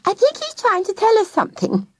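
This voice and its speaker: Woman as eager, impatient young girl, very high voice. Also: wildly swooping pitch, a little fast, a bit bright, dry recording, heavily acted.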